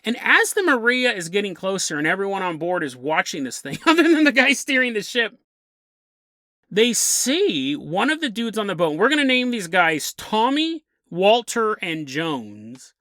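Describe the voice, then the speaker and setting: A man with a bright, forward voice recounts a weird sea story for his podcast, casual and amused, often breaking into a chuckle. The sound is dry and close, with no room around it. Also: high voice, sing-song, normal speed, no echo. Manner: chatty and amused, chuckling through the tale. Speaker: podcast host.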